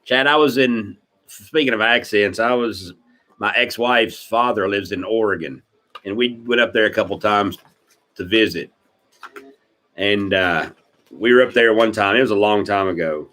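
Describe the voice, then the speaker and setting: A man's voice: on the low side, moderate pace, bright, forceful tone. A middle-aged man with a Staten Island accent, co-hosting a casual pipe-smoking chat, joking and laughing often. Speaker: podcast co-host.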